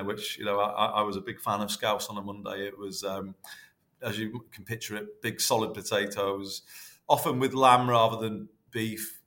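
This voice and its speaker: A man, chatting warmly and rambling as a podcast guest, full of restarts. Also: on the low side. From North West England. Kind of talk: casual interview reminiscing.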